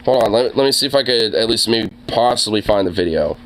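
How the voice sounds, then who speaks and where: Young man with a sore throat, animated and bright. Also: lowish voice, fast, slight background noise, low-quality recording. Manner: rambling, filler-heavy, profane. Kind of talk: casual chat reacting to videos.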